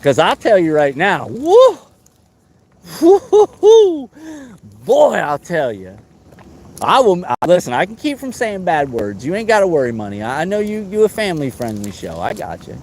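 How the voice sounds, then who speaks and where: A man hosting a live fishing stream, chatting casually and excitably, teasing friends and whooping. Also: on the high side, fairly quick. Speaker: fishing livestream host.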